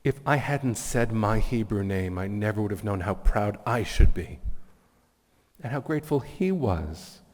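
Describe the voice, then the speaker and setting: Male guest speaker, earnest storyteller, low voice, reverberant event hall. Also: expressive, measured pace, darkish tone. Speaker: guest speaker at a community meeting. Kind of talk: inspirational speech with personal stories.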